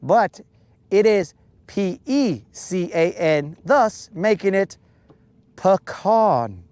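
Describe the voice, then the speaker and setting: A man's voice: high-pitched, animated, extremely slow, darkish tone, no echo. A man chatting casually on a live stream while fishing outdoors on a lake, ranting in a playful, mock-serious way and stretching out his words.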